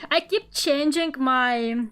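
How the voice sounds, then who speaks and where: A young woman with a light Russian accent, chatting casually on a stream, self-mocking and quick to laugh loudly. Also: sits high, soft background music. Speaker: Vtuber streamer. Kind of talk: casual chat while drawing. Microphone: streaming microphone at home.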